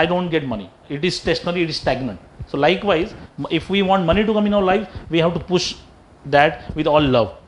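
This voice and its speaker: A man's voice: sits high, slight background noise, rough recording. A man with an Indian English accent giving a public talk, telling stories and often restarting his phrases. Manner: storytelling, repeats and restarts phrases. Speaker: speaker at a health talk. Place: lecture room.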